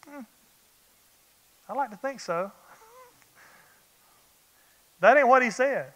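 A man preaching a sermon as pastor, animated and firing rhetorical questions at the congregation. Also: extremely high pitch, slow, long pauses. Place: church sanctuary. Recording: long church-hall reverb.

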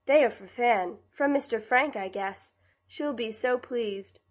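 A woman's voice: on the high side, a little slow. An honest young girl from a storybook answers earnestly and pleads in a raised, girlish voice, put on by a woman narrator. She speaks straightforwardly and without guile. The recording sounds a little muffled. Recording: slightly dull lo-fi audio.

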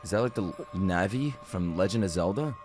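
A young man reacting to an anime in casual, profane, jokey commentary, loud and excitable. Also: sits low, a little fast, over music.

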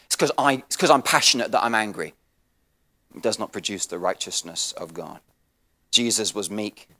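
An English man preaching a sermon as pastor, swinging from soft and low to loud and passionate, often repeating and restarting words. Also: long reverb tail. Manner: restarts and repeats words, self-deprecating asides.

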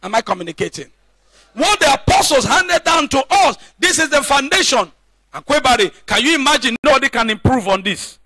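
A man's voice: very high voice, expressive, fairly quick, pushed and bright, dry recording. A male pastor preaching a sermon, emphatic, repeating points and calling out questions to the congregation. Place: church.

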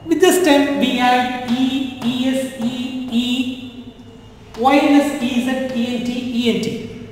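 Male French teacher, high voice, slow and repetitive, recorded in a very echoey room with long reverb. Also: steady tone. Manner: repetitive, drilling, asks "understand?". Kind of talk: classroom-style language lesson.

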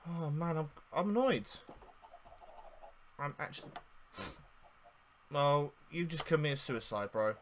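A young man commentating on his own gameplay, exasperated and swearing, swinging between loud outbursts and mock mourning. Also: fairly high pitch, animated, slow pace, long pauses, a little hiss or hum. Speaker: gaming YouTuber. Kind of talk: casual game commentary.

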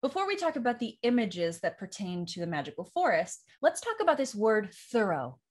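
Husky-voiced woman teaching Shakespeare. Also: medium pitch, big pitch swings, a little fast. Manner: enthusiastic, explanatory, demonstrates meter aloud. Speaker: acting teacher. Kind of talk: Shakespeare monologue tutorial.

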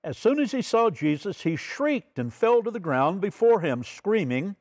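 A fairly high-voiced male pastor. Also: very animated, moderate pace, hardly any pauses, a little mellow, no room sound. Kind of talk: midweek Bible study sermon.

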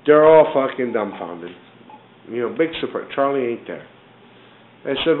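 A man telling a profane, animated story about a neighbor's arrest, acting out the other people's lines. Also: mid-range voice, normal speed. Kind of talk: profane casual anecdote. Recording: tinny phone-like roomy recording, faint hiss.

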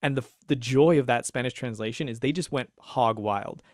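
A man co-hosting a casual podcast discussion, talking in an animated, rambling way with restarts and laughs. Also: medium pitch, normal speed, dry recording, studio quality. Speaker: podcast co-host.

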